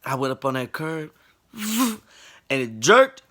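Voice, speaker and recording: A man in his late twenties telling a funny personal story in a casual, animated way, laughing and acting out the people in it. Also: on the high side, takes it slowly. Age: late 20s.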